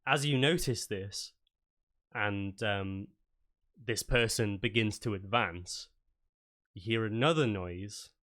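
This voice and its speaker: A man running a tabletop game, his voice sitting on the low side. He narrates loosely and casually, leaning on fillers as he describes the scene. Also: takes it slowly, long pauses, a bit bright. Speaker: game master.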